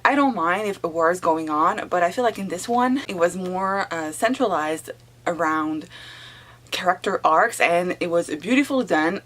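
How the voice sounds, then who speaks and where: A young woman chatting in a casual reading vlog, animated and full of filler words. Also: fairly low pitch. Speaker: book vlogger.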